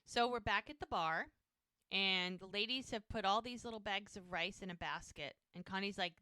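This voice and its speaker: Lively woman recapping a show. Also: mid-range voice, normal speed, no room sound. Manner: animated retelling, acts out character lines. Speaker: podcast co-host. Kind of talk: casual episode recap.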